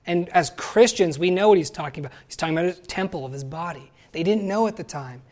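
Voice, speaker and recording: A man giving a sermon, lively and conversational, acting out quoted voices and asking the listeners questions. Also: a little high, fast talker. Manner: animated, acts out quoted voices. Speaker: pastor.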